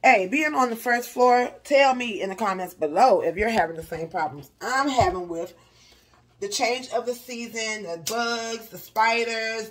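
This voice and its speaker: A young woman chatting casually to her viewers in a home vlog, animated and talking straight to them. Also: medium pitch, slight background noise. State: out of breath in places. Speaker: vlogger. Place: home, indoors.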